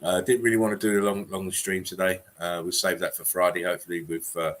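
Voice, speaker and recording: A man's voice: sits low, flat delivery, fast talker. A man co-hosting a livestream, talking casually with many fillers and restarts. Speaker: stream co-host.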